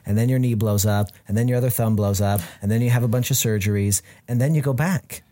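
A man's voice: on the low side, brisk, hardly any pauses, dark tone. A man hosting a podcast, affirming his guest and asking questions in a conversational way. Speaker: podcast host. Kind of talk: conversational interview.

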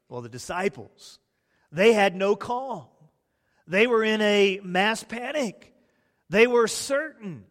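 A man preaching a sermon, swinging from hushed, drawn-out words to loud, excited bursts as he acts out the disciples' panic. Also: high voice, big-room sound.

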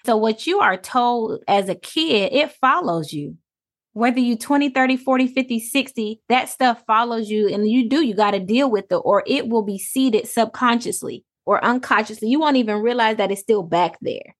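A woman's voice: on the high side, normal speed. A woman co-hosting a podcast, speaking in a reflective, emphatic way and laying out her points one by one. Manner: reflective, emphatic, list-like statements. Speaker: podcast co-host. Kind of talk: casual podcast conversation.

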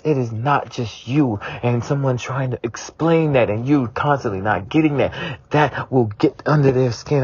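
Man, tearful spiritualist, very husky, gravelly, raw swearing monologue. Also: medium pitch, a little mellow, no echo. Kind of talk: emotional personal monologue. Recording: dull lo-fi recording.

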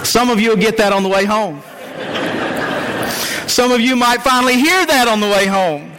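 A preacher delivers a folksy sermon with a high voice. He tells stories with frequent "uh" fillers. The sound lingers in a long church reverb. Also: animated, normal speed, noisy background. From Georgia, US. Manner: folksy storyteller, many "uh" fillers. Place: church sanctuary.

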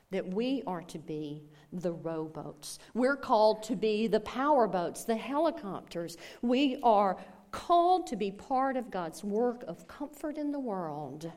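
Slow, deliberate woman pastor preaching. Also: medium pitch, a little mellow. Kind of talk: sermon.

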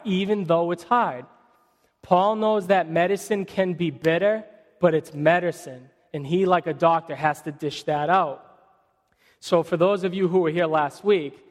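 A man's voice: a little high, big-room sound. A man preaching a sermon as a pastor, talking casually and reading scripture dramatically.

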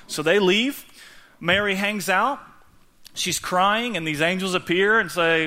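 A man preaching a sermon in a casual, conversational way, slowing down and softening when he reads scripture aloud. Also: high voice. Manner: reads scripture slowly and softly. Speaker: pastor.

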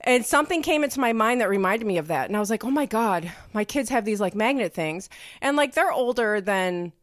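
A woman's voice: fairly high pitch, lively intonation, a little fast, no echo, clean studio sound. A woman hosting a podcast from home, chatting casually and rambling through a story with lots of fillers. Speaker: podcast host. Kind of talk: casual chat.

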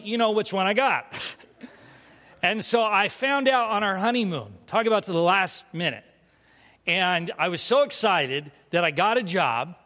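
High-pitched guy preaching, telling a funny story on himself, laughs a lot, big echoey church sound. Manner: animated, self-mocking, laughs often. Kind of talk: storytelling sermon. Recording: long reverb of a large hall.

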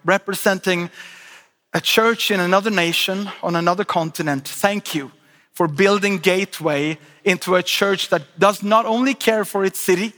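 Swedish-accented pastor in echoing hall. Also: male voice, high voice, moderate pace. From Sweden. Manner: lively, joking asides, frequent restarts. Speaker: guest pastor. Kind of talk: sermon. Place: large church auditorium. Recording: live sermon with long hall reverb.

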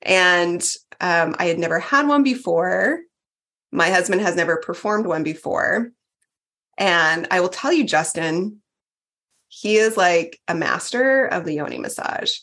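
A woman's voice: lowish voice, expressive, a little slow, fairly bright tone. Chatty woman in her forties. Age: 40s. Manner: candid, chatty, many fillers and restarts. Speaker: podcast guest, retreat participant. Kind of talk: casual podcast chat.

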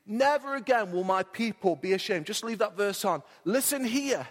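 High-voiced guy preaching a sermon, emphatic, drags out key lines, big echoey church hall. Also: animated. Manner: emphatic preaching with repetition and slowed, drawn-out key phrases. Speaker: pastor. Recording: long reverb of a church hall.

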